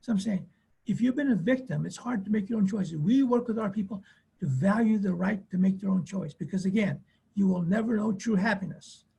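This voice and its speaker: A man's voice: high-pitched, a little fast, creaky, mellow, breathy edge. A man who works as a family therapist, giving an earnest webinar talk and telling personal stories, with lots of repetition. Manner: earnest, repetitive, acts out quoted voices.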